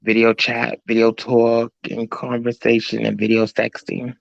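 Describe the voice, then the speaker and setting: A man's voice: mid-range voice, completely flat delivery, measured pace, gravelly, dry recording. Rambling New York man. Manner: rambling, lots of "like". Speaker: guest. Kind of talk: casual chat. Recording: dull, dry sound.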